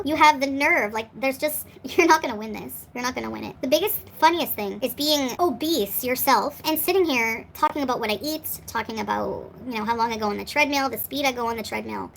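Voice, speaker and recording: A woman's voice: on the high side, creaky, fairly bright tone, a little hiss or hum, rough recording. A woman in her forties ranting on a livestream, defiant and sarcastic, answering chat as she goes. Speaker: streamer answering live chat.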